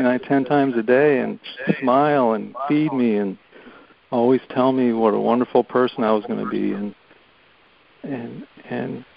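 A man on a conference call, telling a story in an earnest, halting way and repeating words as he goes. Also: medium pitch, vocal fry, lo-fi sound. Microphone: phone or conference call.

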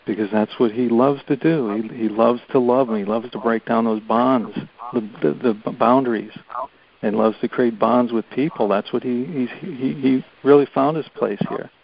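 A man on a conference call, telling a story in an earnest, halting way and repeating words as he goes. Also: mid-range voice, vocal fry, lo-fi sound. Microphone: phone or conference call.

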